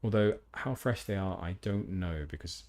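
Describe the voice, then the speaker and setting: A man's voice: sits low, moderate pace, darkish tone, a little hiss or hum. A man streaming a game, chatting casually with rambling, self-deprecating asides. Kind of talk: casual gameplay commentary.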